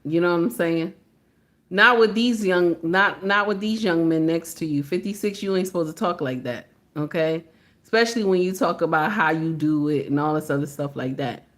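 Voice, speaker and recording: A woman's voice: lowish voice, moderate pace. A woman giving casual reaction commentary, emphatic and repetitive, driving each point home with "okay?" and "baby".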